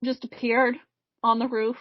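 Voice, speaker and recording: Brief: higher-pitched woman podcast host, laid-back spooky storytelling, dry close mic, dull lo-fi sound. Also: level tone, no room sound. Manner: reads the story in a measured way, breaks into laughter. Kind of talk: casual storytelling chat.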